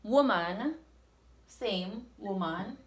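A woman with a Jamaican accent teaching a language lesson, saying words slowly and repeating them for practice. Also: mid-range voice, expressive, a little hiss or hum. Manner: slow, repeats words for drilling.

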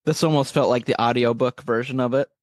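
A man co-hosting a podcast in casual chat, playful and quick to laugh. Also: medium pitch, fairly even intonation, no echo, studio quality. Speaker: podcast co-host.

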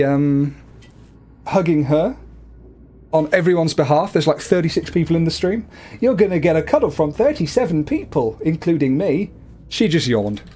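In a slightly rough, somewhat mellow voice, a man chats playfully while commenting on a game he is livestreaming. The streamer frequently slips into a high cooing voice to address his cat.

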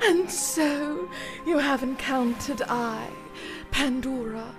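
A woman's voice: sits high, slow, music in the background, pitched above the performer's own voice. A woman voicing a theatrical female necromancer who plays the weeping damsel, melodramatic and flirtatious. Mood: melodramatic wailing.

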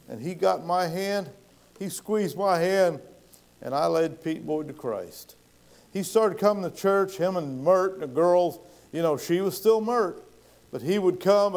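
Male pastor, folksy sermon storyteller, voices his characters, slightly high pitch. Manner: folksy, acts out quoted voices with rising intensity.

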